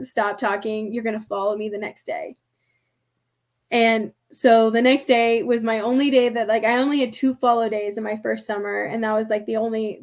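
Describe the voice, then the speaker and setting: On a podcast, a young woman with a somewhat high voice shares a personal story. Her delivery is casual and animated, loaded with "like," and she mimics the voices of the people she quotes.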